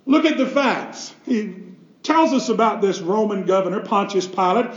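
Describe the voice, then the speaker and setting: A man's voice: high voice, normal speed, roomy sound, dull audio. A man, a pastor, preaching a sermon with emphatic delivery and rhetorical questions.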